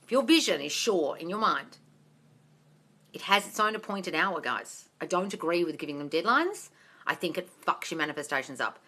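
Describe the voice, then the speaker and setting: On a phone livestream, a manifestation coach reads her audience's comments out loud and replies to each, calling them darling. She talks bluntly and swears without restraint. Her voice is lowish with a sharp edge, and the format is a Q&A chat.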